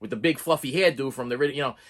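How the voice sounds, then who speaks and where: A man giving a rambling, animated horror movie review, mocking the characters in put-on voices. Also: mid-range voice, very fast.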